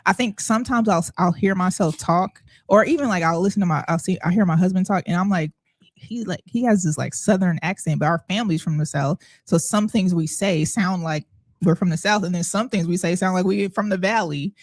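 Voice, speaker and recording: Woman from Las Vegas, low pitch, dry close mic, chatty and quick to laugh. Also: dry recording. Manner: chatty, laughs often while talking. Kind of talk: casual chat.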